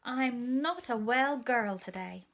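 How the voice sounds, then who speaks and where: Storybook: woman reader as a shy little sick girl, cross and growly, drawn-out words. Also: a little high, pitched above the performer's own voice. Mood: sulky. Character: small sulky shy girl, unwell.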